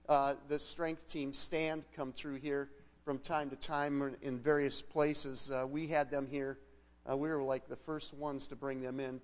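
Folksy middle-aged pastor in a reverberant hall. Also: male voice, on the high side. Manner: conversational, folksy storyteller with frequent restarts. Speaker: guest pastor. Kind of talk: sermon told as a personal story.

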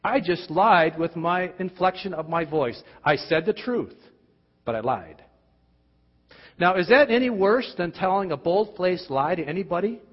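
A man preaching a sermon, asking emphatic rhetorical questions and dropping at times to quiet, intense tones. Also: lively intonation, measured pace, slightly rough. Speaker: pastor. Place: church. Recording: dull, boomy hall sound.

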